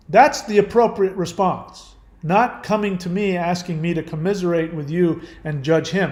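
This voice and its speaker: An older man hosting his own channel, giving blunt, profane advice in a casual monologue full of sharp rhetorical questions. He trails off and restarts as he muses. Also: high voice, lively intonation, moderate pace, reverberant. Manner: trails off and restarts often when musing. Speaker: channel host answering viewer questions.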